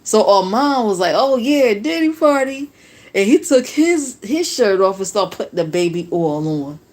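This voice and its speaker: A woman's voice: mid-range voice, moderate pace, a little mellow. A woman from New Jersey hosting a casual reaction livestream, talking to viewers in a sarcastic, profane way.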